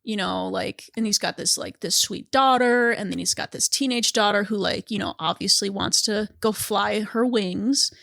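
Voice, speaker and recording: A woman co-hosting a movie podcast, talking in a loose, chatty way full of "like" and quick laughs. Her voice has a gravelly, fry-edged texture. The sound is dry and close to the mic. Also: mid-range voice, fairly bright tone, dry recording. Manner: chatty, lots of "like" fillers, laughs often, swears casually. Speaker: podcast co-host. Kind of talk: casual chat.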